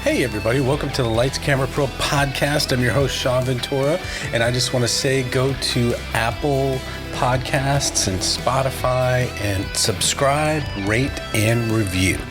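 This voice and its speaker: A man's voice: mid-range voice, moderate pace, music in the background. A man from Massachusetts hosting a podcast, talking casually and rambling, often correcting himself mid-sentence. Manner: chatty, rambling, self-correcting. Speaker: podcast host. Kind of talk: casual chat.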